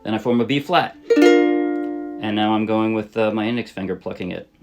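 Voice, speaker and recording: A man teaching a ukulele song in a relaxed, casual way, thinking aloud and correcting himself as he plays. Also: lowish voice, normal speed, highs cut off, loud music behind the voice. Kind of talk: casual instructional talk. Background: ukulele playing.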